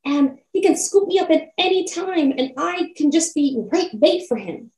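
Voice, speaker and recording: A woman voicing a frightened male rabbit who grows louder and more panicky, in a roomy, off-mic recording. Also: high-pitched, lively intonation, normal speed, far from the mic, voice pushed up. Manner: anxious, growing louder with fear.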